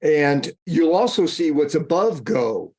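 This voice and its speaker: A man's voice: fairly high pitch, expressive, slow, a little mellow. A man speaking as a guest in a casual interview, rambling and digressive, often restarting and correcting himself mid-sentence.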